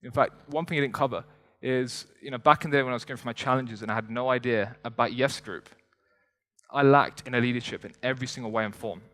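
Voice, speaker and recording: A young man giving an energetic motivational talk from a stage, conversational and joking with the audience. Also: mid-range voice, fast talker. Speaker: motivational speaker. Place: stage before a live audience in a large hall. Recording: long hall reverb.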